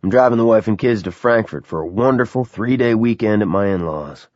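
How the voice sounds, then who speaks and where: A man voicing a blunt, middle-aged teacher with a low voice and a matter-of-fact way of talking. The recording is dry and somewhat dull. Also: a little fast, a little mellow, no room sound, natural voice.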